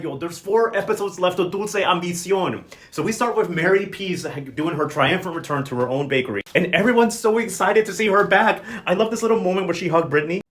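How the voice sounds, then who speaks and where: A man's voice: on the high side, a bit bright. A man casually recapping a soap opera episode, sassy and slangy, quoting the characters in playful voices. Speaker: novela recap host.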